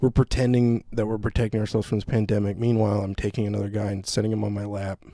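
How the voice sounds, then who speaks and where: A man's voice: on the low side, fast talker, no room sound. Profane ranting man, dry sound. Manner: profane, animated storytelling rant. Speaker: podcast host. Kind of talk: casual chat.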